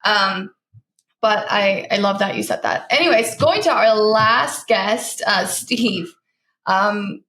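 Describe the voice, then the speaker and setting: A woman hosting a podcast in casual chat, chatty and self-deprecating with quick asides. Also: mid-range voice, fairly bright tone, echoey room. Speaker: podcast host.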